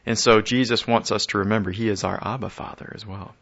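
A man preaching a conversational sermon. He often restarts and repeats his words and chuckles softly. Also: lowish voice, steady tone, a little fast. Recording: dull lo-fi audio.

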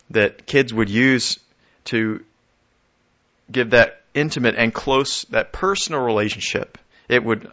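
A man preaching a conversational sermon. He often restarts and repeats his words and chuckles softly. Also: lowish voice. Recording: dull lo-fi audio.

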